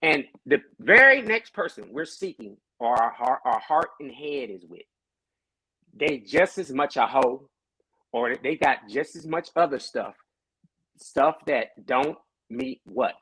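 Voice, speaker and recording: Animated husky-voiced man, pastor. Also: medium pitch, a little slow, no echo, low-quality recording. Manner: animated storytelling, preacher-like emphasis. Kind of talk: casual podcast discussion.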